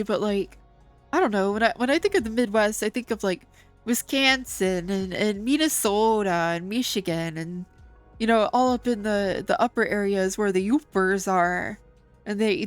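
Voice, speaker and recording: A woman streamer chatting casually and playfully while playing a game. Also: medium pitch.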